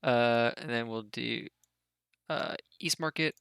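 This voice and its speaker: A man runs a tabletop game as dungeon master, narrating loosely and halting now and then to mouth sound effects. His voice is gravelly with a bright, forward edge. The recording sounds dry and close. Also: mid-range voice, no room sound.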